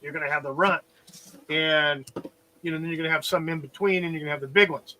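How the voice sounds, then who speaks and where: A man's voice: on the high side, fairly even intonation, quick pace, sharp tone, slight background noise, poor audio. A man chatting casually on a livestream, rambling and explaining through analogies.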